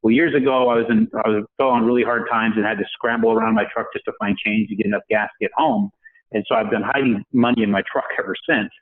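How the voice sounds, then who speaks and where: A man's voice: fairly low pitch, steady tone, quick pace, narrow, tinny audio. A man telling a personal story in a podcast interview, acting out the voices of people he quotes. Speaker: podcast guest. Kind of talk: storytelling in a conversation.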